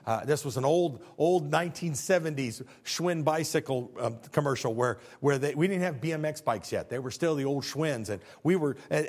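A man's voice: mid-range voice, darkish tone. A man in his fifties, a pastor giving a conversational sermon full of jokes and rhetorical questions.

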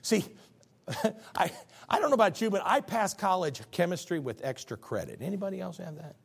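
A man preaching a sermon as pastor, folksy and emphatic, swinging from loud outbursts to hushed tones. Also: high voice, animated, normal speed, vocal fry, husky. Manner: folksy, conversational asides to the congregation.

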